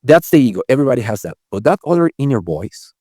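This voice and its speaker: Animated man in an interview. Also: quick pace, no echo, studio quality. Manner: animated, acts out inner voices with swings in pitch; self-correcting, repeats words. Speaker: guest. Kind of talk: conversational interview.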